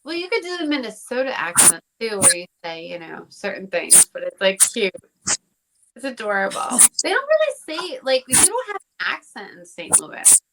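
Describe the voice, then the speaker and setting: A woman's voice: on the high side, wildly swooping pitch, moderate pace. A woman guest on a podcast, chatting casually with lots of "like" and giggles. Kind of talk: casual chat. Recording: noisy podcast recording.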